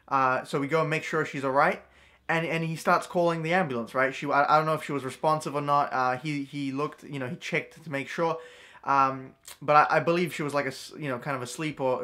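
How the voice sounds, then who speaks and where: A man's voice: fairly high pitch, bright, forceful tone. A young man vlogging a true story at home, rambling with lots of fillers and restarts. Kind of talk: storytime vlog.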